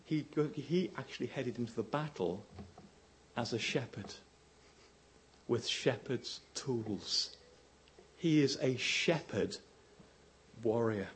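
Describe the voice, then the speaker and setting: Man, preacher, sermon, animated storytelling, mid-pitched voice, rises for quotes, drops low for emphasis. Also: takes it slowly, long pauses, slight background noise.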